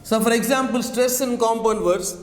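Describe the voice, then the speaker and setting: Male teacher, high voice, slow repetitive drilling, roomy classroom echo. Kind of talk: classroom lecture on word stress. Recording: echoey classroom with long reverb.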